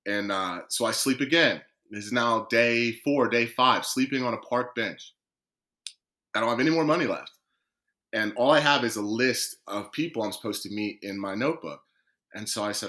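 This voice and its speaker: Bright-voiced man telling a lively story. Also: mid-range voice, moderate pace. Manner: lively storyteller who acts out quoted dialogue. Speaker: guest footballer. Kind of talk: storytelling in a podcast interview.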